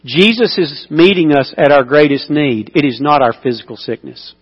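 Male pastor, sermon, high voice, long reverb, animated then hushed. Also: normal speed, husky, highs cut off. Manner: animated storytelling, swings between loud emphasis and hushed intimacy.

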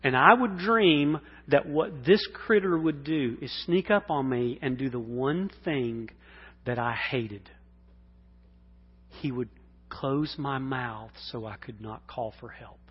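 A male pastor preaching a sermon, dropping to hushed whispers and rising to loud, impassioned cries. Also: medium pitch, slow, slightly rough. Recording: dull sound in a long-reverb hall.

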